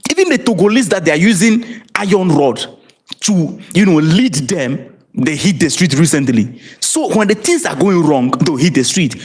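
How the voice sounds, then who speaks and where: Animated Ghanaian man on a livestream. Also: on the high side, normal speed, husky. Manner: emphatic, rhetorical, asks viewers to comment; repeats and restarts words, laughs between points. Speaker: livestream commentator. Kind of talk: live-streamed political commentary.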